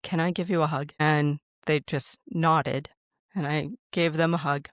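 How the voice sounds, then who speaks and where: A man's voice: a little high, little pitch movement, measured pace, fairly bright tone, no room sound, studio quality. A man hosting a podcast, earnestly telling a personal story in a conversational way and acting out his own thoughts.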